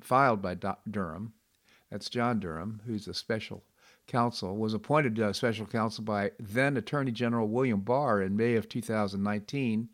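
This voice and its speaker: A middle-aged man hosting a radio talk show, reading news and giving commentary in a conversational way with frequent fillers and restarts. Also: mid-range voice.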